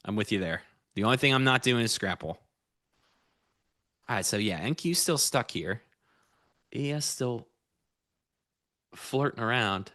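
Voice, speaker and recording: A man's voice: medium pitch, a little slow, pauses often, no room sound, clean studio sound. A man co-hosting a live trading stream, joking and chatting casually. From Pennsylvania. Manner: joking, animated storyteller. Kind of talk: casual chat.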